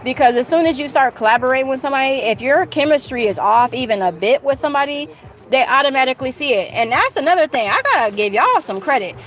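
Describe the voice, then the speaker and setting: A woman's voice: high-pitched, animated, quick pace. A woman from California chatting casually with her livestream viewers, candid and rambling, full of fillers and restarts. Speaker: YouTuber talking to live chat.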